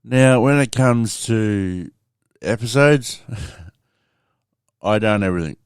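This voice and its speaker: A man's voice: fairly low pitch, slow, smooth, dry recording, studio quality. A man hosting a podcast, rambling casually through a story and swearing freely as he talks to his listeners. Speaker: podcast host.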